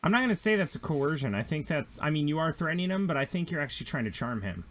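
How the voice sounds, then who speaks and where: A man narrating a tabletop game as game master, telling the scene in an animated way with quick asides. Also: fairly high pitch.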